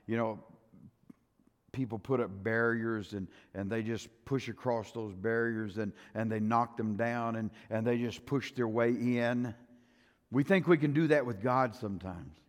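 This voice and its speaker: An older man preaching a sermon in a folksy style, acting out quotes and swinging between loud and soft. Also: mid-range voice, measured pace. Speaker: pastor. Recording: long reverb of a church hall.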